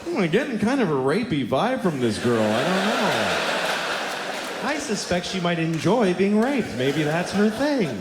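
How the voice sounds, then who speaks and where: Lively, blunt man doing stand-up. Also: high voice, measured pace. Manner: animated, blunt, exaggerated storytelling. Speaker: stand-up comedian. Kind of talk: stand-up comedy set. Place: theater stage before a live audience. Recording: roomy hall with audience noise.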